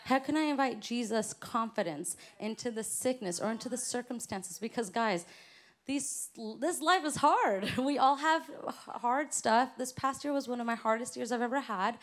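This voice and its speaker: A woman giving an earnest, encouraging personal testimony at a church women's gathering. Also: a little high. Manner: earnest, encouraging, faith-filled declarations. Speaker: women's conference speaker. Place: church stage before a live audience.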